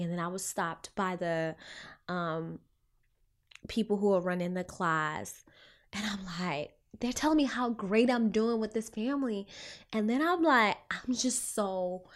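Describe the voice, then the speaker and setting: A young woman clinician talks straight to her viewers and retells a personal story. Her voice sits in a middle pitch, and it leaps up and drops back as she reacts to her own story. She keeps the talk loose and chatty, with plenty of "you know" and "like". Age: young adult. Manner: animated, swinging pitch, filler-heavy retelling. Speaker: child trauma clinician.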